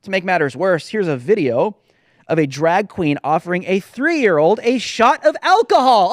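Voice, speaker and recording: A man's voice: sits high, big pitch swings, moderate pace, no room sound, clean studio sound. A man hosting a political commentary show, talking in an indignant, sarcastic, emphatic way. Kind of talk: opinionated commentary.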